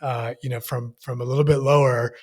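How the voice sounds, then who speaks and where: A man's voice: medium pitch, level tone, fairly quick, husky. A man in a podcast conversation, talking thoughtfully and searching for his words as he goes.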